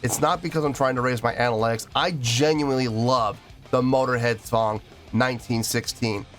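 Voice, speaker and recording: This man's mid-range voice is steady, a bit bright and moderately paced as he hosts a music reaction video. He gets teary and choked up, speaking earnestly in a rambling, repetitive way.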